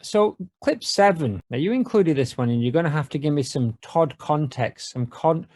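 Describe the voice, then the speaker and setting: A man co-hosting a podcast, wry and playful, reading out scene descriptions in a deadpan way. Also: on the high side, normal speed, dry recording. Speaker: podcast co-host.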